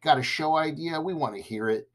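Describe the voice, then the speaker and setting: A man hosting his own podcast, chatting casually and enthusiastically to listeners, joking as he runs through a playlist and shout-outs. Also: on the high side, a little fast. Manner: upbeat, enthusiastic, jokey with listeners. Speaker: podcast host. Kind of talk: casual solo podcast talk.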